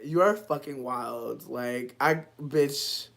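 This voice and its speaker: A woman, chatting casually on a livestream with her viewers, animated and slangy with loud laughing outbursts. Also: very deep voice, very slow, few pauses. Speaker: livestream host reacting to chat.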